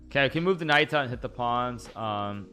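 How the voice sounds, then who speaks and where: Bright-voiced man streaming chess. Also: mid-range voice, expressive, soft background music. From United States. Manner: chatty and rambling, thinks aloud about moves, quick thank-yous to subscribers. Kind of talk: live-stream chess commentary and chat.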